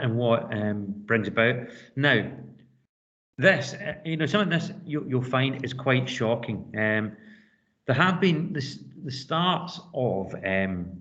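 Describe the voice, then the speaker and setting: A middle-aged man with a Scottish accent, a teacher telling classroom anecdotes in a quick, chatty way. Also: medium pitch, sharp tone, lo-fi sound. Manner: fast-talking, anecdotal. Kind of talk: casual classroom storytelling.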